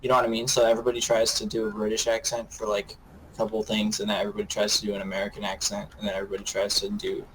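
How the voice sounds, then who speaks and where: A man's voice: fairly low pitch, monotone, rapid-fire, a little hiss or hum, low-quality recording. A man co-hosting a podcast in casual chat, brainstorming ideas and laughing often. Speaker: podcast co-host.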